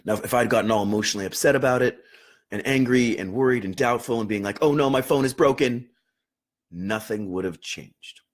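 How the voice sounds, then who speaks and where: Husky-voiced man teaching meditation. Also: medium pitch, brisk. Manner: earnest and emphatic, repeats words for stress. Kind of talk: unscripted teaching talk on meditation.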